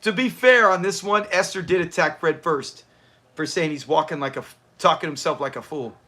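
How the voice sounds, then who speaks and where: A man's voice: a little high, normal speed, sharp tone. A man hosting a livestream watch party, chatting casually, answering viewers and laughing often. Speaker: livestream host.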